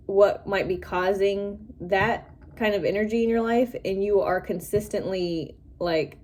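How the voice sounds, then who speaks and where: A woman's voice: medium pitch, a little mellow. A woman doing a tarot reading for her viewers, chatty and musing, often breaking into giggles. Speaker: tarot reader.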